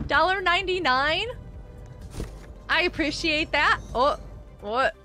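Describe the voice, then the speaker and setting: A woman hosting a live gaming stream, chatting excitably as she plays and reads out and thanks viewers from the chat. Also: very high-pitched, slow pace, pauses often, faint music behind.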